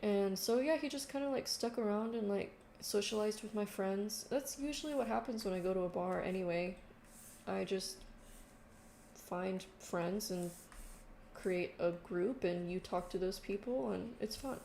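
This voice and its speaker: A young woman vlogger tells a story in casual chat, packed with fillers and quoted voices. Her voice is medium-pitched, gravelly, and mellow at a measured pace. She's recorded in an echoey room with faint noise.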